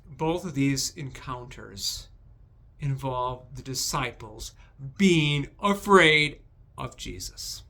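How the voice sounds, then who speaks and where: A man hosting a devotional video, recapping Bible passages with animated, emphatic storytelling. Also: medium pitch.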